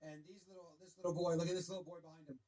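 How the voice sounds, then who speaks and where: A man's voice: on the high side, little pitch movement, rapid-fire, dark tone, low-quality recording. A man giving wry, chatty play-by-play commentary over a baseball clip. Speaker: sports video commentator.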